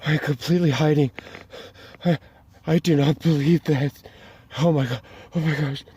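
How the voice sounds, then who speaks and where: A man's voice: on the high side, fairly even intonation, moderate pace, a little mellow, a little hiss or hum. A man hosting a ghost-hunting vlog outdoors in a cemetery at night, talking into a handheld camera mic. He exclaims often and keeps repeating short phrases. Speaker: vlog host.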